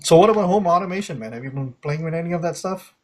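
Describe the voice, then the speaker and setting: A man from Malaysia co-hosting a podcast, talking in a relaxed, chatty way and laughing often. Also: fairly high pitch, quick pace. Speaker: podcast co-host. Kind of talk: casual chat.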